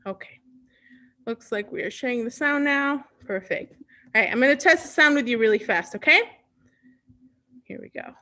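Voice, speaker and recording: A high-pitched woman from Mexico runs a children's storytime online. She talks in an upbeat, patient way, like a teacher gently coaxing young kids, and slips Spanish words in among the English. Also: normal speed, pauses often. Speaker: children's librarian.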